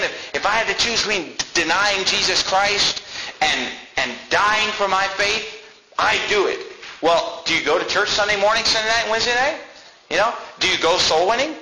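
A man preaching a sermon, acting out the voices of the people in the story he tells and building up to shouts. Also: high-pitched. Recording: echoey room with clear background noise.

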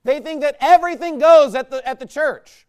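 Man, pastor, fiery sermon, high voice, mocking, combative. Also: normal speed. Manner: combative, mocking, swings from low muttering to loud outbursts.

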